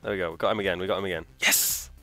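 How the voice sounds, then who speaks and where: A man hosting a let's play, thinking aloud, trailing off, swearing and shouting in frustration as he plays. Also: low voice, steady tone, racing. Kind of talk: live gameplay commentary.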